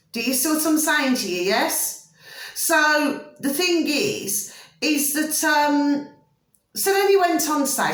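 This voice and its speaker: A chatty woman rambles to her viewers in a casual vlog, warmly fond of them and always checking that they follow. Her voice leaps up for emphasis, then drops low into muttered asides. It is recorded in a bare, echoey room. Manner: swings between high emphatic bursts and low muttered asides. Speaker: vlogger.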